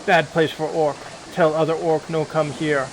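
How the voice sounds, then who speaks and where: A man voicing a downtrodden male orc factory laborer who talks in loud, broken grunts. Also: on the high side, little pitch movement, normal speed, a little hiss or hum, lightly acted, rough recording. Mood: surly.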